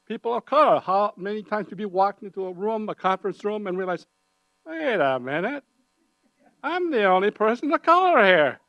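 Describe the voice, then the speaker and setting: A man speaking on a panel discussion, animated and engaging the audience with humor and questions. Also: high voice, low-quality recording. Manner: animated, audience-engaging, uses put-on voices for quoted people. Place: conference hall.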